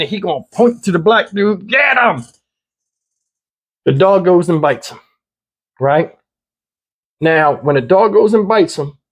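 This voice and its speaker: Man, high voice, husky, blunt casual commentary, repeats himself. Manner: conversational, blunt, repeats points.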